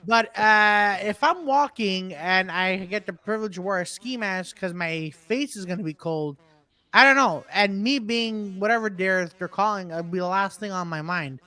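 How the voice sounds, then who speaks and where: A man co-hosting a casual podcast chat, an animated storyteller who mimics people as he talks. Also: sits high, normal speed. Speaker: podcast co-host.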